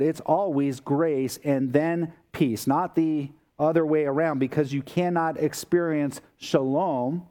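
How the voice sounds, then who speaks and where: A man's voice: fairly high pitch, warm tone. A man preaching a sermon as a pastor, explaining scripture in a conversational way with everyday asides.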